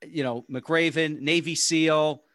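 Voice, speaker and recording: A man's voice: fairly high pitch, steady tone, slow, fairly bright tone, no echo. Rambling male podcast host, dry close sound. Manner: rambling, restarts, sets up questions. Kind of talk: casual interview chat.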